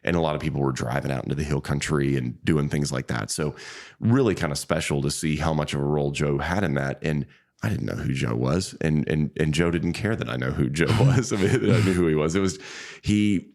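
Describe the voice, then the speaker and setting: A man's voice: a little fast, vocal fry, a little mellow. A man, a fly shop owner telling stories as a podcast guest in a rambling, easygoing way. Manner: rambling, many restarts, quotes people with pitch jumps. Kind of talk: casual interview storytelling.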